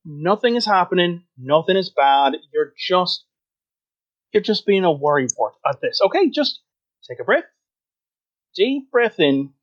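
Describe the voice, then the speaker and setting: A man voicing a relaxed rabbit-folk guard who brushes off his friend's worries in a tabletop game. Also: high-pitched, unhurried, pauses often, muffled recording, voice pushed up, exaggerated voice. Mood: dismissive. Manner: dismissive, soothing. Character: laid-back male rabbit-folk guard with coffee.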